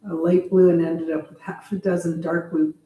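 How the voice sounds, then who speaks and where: A woman's voice: fairly low pitch, level tone, moderate pace, dark tone. A woman co-hosting a live car stream who reads viewer comments aloud in a dry, matter-of-fact way. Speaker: co-host reading viewer comments. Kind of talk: casual live chat. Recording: roomy, distant mic with faint hiss.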